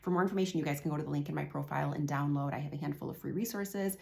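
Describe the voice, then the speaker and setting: A woman in her forties speaks as a parenting coach with a fairly low voice. She explains things calmly and now and then acts out little exchanges between parent and child. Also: rapid-fire, gravelly. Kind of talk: direct-to-camera parenting advice.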